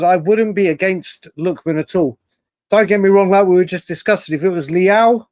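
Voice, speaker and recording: A man hosting a late-night fan livestream, chatting excitably and reading out viewer comments. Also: sits high, no room sound. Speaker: livestream host.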